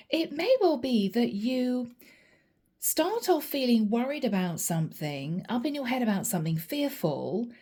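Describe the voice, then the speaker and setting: Mellow-voiced woman giving a chatty reading. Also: fairly high pitch. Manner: chatty, repeatedly addresses the listener by sign. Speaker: tarot reader. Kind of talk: channeled reading to camera.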